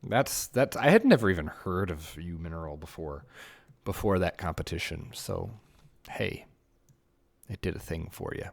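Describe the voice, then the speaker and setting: A man's voice: sits low, very animated, normal speed, creaky. A man streaming a building game, chatting casually with viewers and muttering to himself in a self-mocking way. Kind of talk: casual livestream chat while building.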